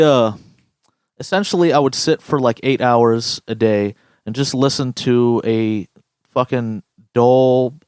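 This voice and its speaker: A young man co-hosting a podcast in casual chat, swearing often and telling stories with animated impressions. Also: medium pitch, dry recording, studio quality. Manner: profane, animated storyteller. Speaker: podcast co-host.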